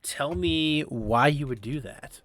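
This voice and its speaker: A man hosting a casual esports podcast, briskly running through a list of draft picks and asking his co-hosts about them. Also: fairly high pitch, a bit bright, dry recording. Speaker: podcast host.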